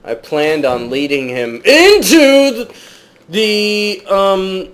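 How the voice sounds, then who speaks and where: A man talking through a game at an unhurried pace, in a playful put-on British accent. He keeps turning to his viewers as "guys" and lets out startled yelps when something jumps at him. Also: high-pitched, sing-song. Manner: jokey mock British accent. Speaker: gaming channel host. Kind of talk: let's play gameplay commentary.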